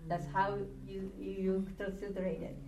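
A woman's voice: medium pitch, little pitch movement, unhurried, mellow, a little hiss or hum. A woman teaching a Hebrew grammar lesson to a class, patiently repeating words and prompting students to read along. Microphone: recorded from a distance. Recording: echoey room, distant mic, faint ambience.

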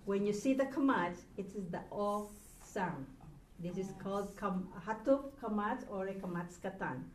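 A woman's voice: mid-range voice, normal speed. A woman teaching a Hebrew grammar lesson to a class, patient and asking the students questions. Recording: roomy, from far off, faint noise.

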